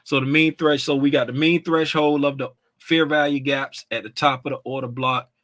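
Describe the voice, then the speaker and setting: Man, bright voice, dry close sound, casual chart walkthrough, halting with ums. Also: medium pitch, level tone, dry recording. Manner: thinking aloud, self-correcting, many ums. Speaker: trading analyst.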